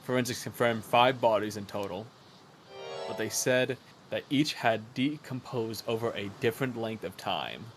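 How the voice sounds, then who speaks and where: A man's voice: fairly low pitch, normal speed, close to an everyday voice. A man voicing an earnest, diligent young male assistant in a formal, precise manner, reading game dialogue over game music. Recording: game music playing behind.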